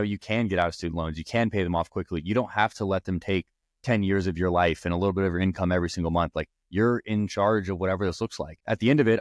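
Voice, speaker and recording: A man's voice: deep voice, no room sound, clean studio sound. A young man hosting a podcast, earnestly telling personal stories in a rambling way with restarts. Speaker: podcast host. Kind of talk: personal storytelling.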